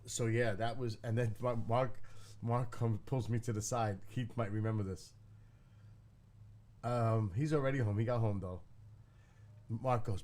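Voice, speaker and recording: A man with a somewhat low voice talks to his live stream chat from his living room. He tells a rambling story in a casual, blunt way and swears freely. The talk is loose and unscripted. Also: steady tone, unhurried, long pauses, a little mellow. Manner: profane, blunt, talking to chat.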